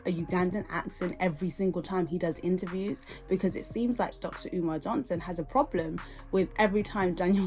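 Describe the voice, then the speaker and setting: A woman with a British accent, from the UK, hosting a reaction podcast and firing off indignant rhetorical questions. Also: on the low side. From United Kingdom. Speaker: podcast host.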